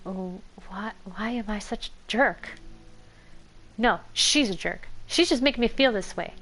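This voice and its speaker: A woman's voice: fairly high pitch, expressive, moderate pace, a bit bright. A woman voicing an earnest, uneasy teenage girl who leads a school club. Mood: troubled.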